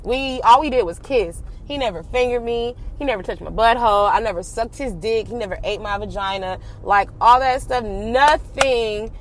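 A young adult woman telling a personal story in casual, slangy talk, animated and swearing freely. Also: a little high, normal speed, few pauses, slight background noise.

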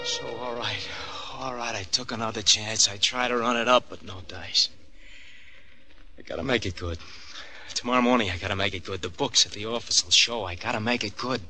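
A desperate young hoodlum, bright-voiced. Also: male voice, lowish voice, fairly quick, faint music behind. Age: young adult. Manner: tough slangy street talk, swings from snarling to begging. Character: desperate young male small-time crook, bitter and pleading.

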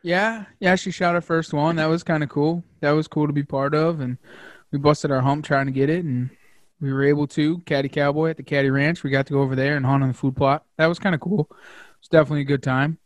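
A man hosting a casual hunting podcast, talking excitedly with lots of fillers and the odd curse word. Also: on the high side, fast, no echo. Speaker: podcast host.

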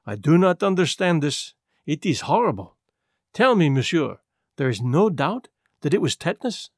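A man putting on a fussy, vain Belgian detective for an audiobook, speaking in measured, slow, precise phrases with a pitch that sits above an ordinary man's. Complaining and particular, he weighs every word, and the lively melody dips and climbs. The recording is close and dry. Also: no room sound. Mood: alarmed.

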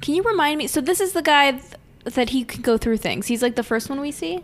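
Animated woman chiming in. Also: high voice, fast talker. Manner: asks questions, chimes in briefly. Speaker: podcast co-host. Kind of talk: casual chat.

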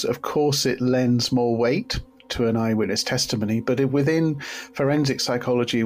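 A man giving a measured, analytical explanation as a forensic psychology expert. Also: medium pitch.

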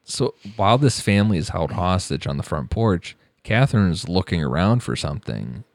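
A man's voice: low voice, sing-song, moderate pace, no room sound, clean studio sound. A man narrating a true crime case on a podcast, with blunt, profane asides.

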